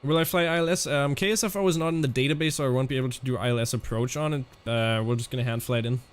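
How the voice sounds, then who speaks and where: A man streaming a flight simulator, chatting casually in a halting way and answering viewers' questions as he flies. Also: medium pitch, smooth. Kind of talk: casual live-stream commentary.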